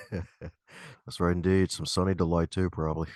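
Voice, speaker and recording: A man's voice: deep voice, steady tone, unhurried, a little mellow. A man hosting a casual podcast interview, laughing often and repeating playful catchphrases. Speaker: podcast host.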